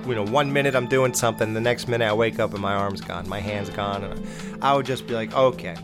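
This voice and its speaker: A man's voice: lowish voice, fairly even intonation, a little fast, music in the background. A man hosting a casual film review podcast, blunt and opinionated, rambling with fillers as he recaps scenes. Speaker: podcast host.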